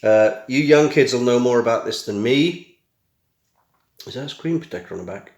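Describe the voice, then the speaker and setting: The voice is medium-pitched, expressive, and a bit dark, moving at a normal speed through an echoey room. It belongs to a middle-aged British tech vlogger casually chatting through an unboxing at home on a camera mic, full of wry, self-mocking asides.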